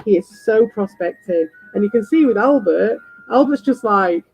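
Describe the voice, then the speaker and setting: A woman streamer in a casual ranting chat, animated, swearing freely and repeating herself. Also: a little high, moderate pace, hardly any pauses, husky, dull audio, faint music behind. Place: home.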